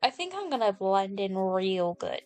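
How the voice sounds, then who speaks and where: A woman's voice: mid-range voice, very animated, normal speed, clean tone, dry recording, soft background music. A woman whose accent mixes British and American, hosting a stream in rambling, filler-heavy casual chat. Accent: mixed British and American. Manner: chatty, rambling, many fillers. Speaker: streamer host.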